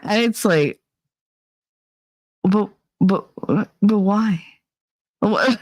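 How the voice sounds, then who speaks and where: A woman's voice: medium pitch, extremely slow, pauses often, darkish tone, dry recording. Profane ranting woman podcast host. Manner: profane and blunt, swears freely; exasperated, ranting. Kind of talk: casual rant.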